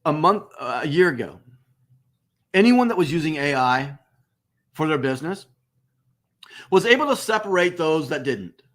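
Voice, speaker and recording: A man's voice: moderate pace, pauses often. A man hosting a business webcast, talking emphatically and repeating words for stress. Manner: emphatic, repeats phrases, lively swings in pitch. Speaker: host. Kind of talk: enthusiastic business webcast talk.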